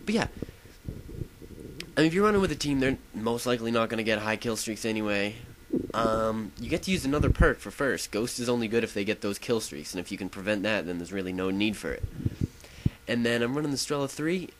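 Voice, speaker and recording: A man's voice: fairly low pitch, lively intonation, a little fast, slight background noise, rough recording. A young man giving casual, rambling commentary over his own gameplay, often breaking off and restarting his sentences with enthusiasm. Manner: rambling, self-interrupting, enthusiastic. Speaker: gaming video host.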